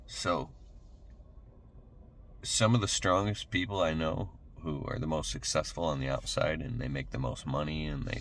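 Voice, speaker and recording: A man's voice: very deep voice, fairly bright tone, a little hiss or hum. A man giving an emphatic motivational monologue, blunt and casual, swearing now and then. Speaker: motivational speaker.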